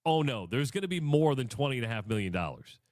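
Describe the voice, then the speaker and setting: A man co-hosting a sports radio show, chatting in a measured, conversational way. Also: medium pitch, sing-song, darkish tone, dry recording, clean studio sound. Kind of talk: casual sports talk. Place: radio studio.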